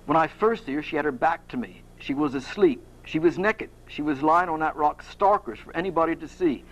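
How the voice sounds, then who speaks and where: A man's voice: a little high, moderate pace, highs cut off, natural voice. A man doing Perseus, a brash hired hero. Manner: boastful, defensive, slangy.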